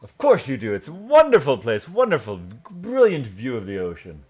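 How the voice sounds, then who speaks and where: A man voicing a boisterous, jolly middle-aged noble knight in a tabletop game, loud and hearty. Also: medium pitch, huge pitch swings, moderate pace, husky, voice pushed up.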